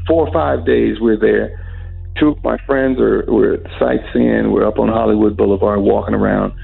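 A man's voice: lowish voice, normal speed, faint music behind. A middle-aged man, a singer, telling a story as an interview guest and acting out the voices he quotes. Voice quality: gravelly, husky. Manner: lively storyteller who acts out quoted voices. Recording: tinny phone-line sound.

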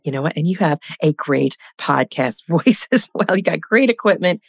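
A woman's voice: deep voice, animated, moderate pace, breathy edge, no room sound, studio quality. A woman hosting an interview podcast, welcoming her guest in an upbeat, effusive way. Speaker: podcast host.

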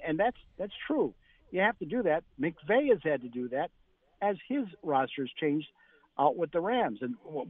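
A male sports reporter phoning in to a radio show. The line is thin and phone-like, his voice a touch high and dry. He tells practice stories in animated bursts, acting out what the coaches said. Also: no room sound.

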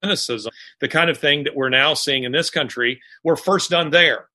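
A man, an author being interviewed, talking in a halting way with many pauses and restarts. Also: fairly high pitch, sharp tone. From Alabama, US. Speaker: author guest. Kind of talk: casual interview conversation.

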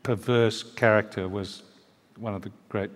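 A man's voice: fairly low pitch, fairly even intonation, unhurried. An older man from New Zealand, a guest author telling stories at a live book talk in a wry, hesitant way, with many fillers and restarts. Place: live event venue. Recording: reverberant hall.

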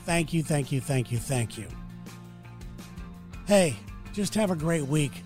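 A man's voice: on the high side, expressive, measured pace, darkish tone, soft background music. A man hosting his own podcast, talking alone in a blunt, rambling way and swearing freely. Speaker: podcast host. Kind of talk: casual solo monologue. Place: city.

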